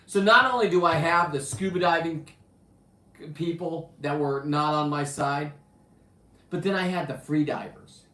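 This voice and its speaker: A man's voice: fairly high pitch, normal speed, echoey room. A man hosting a show, telling brash, profane diving stories in a boastful, swinging voice. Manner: brash, profane and boastful, swinging between loud bursts and mutters. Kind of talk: profane casual storytelling.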